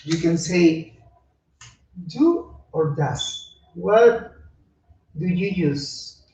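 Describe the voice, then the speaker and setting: A man teaching an English grammar lesson, speaking slowly and repeating words with frequent "okay"s. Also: high-pitched, lively intonation, a little mellow. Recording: echoey distant lo-fi room recording.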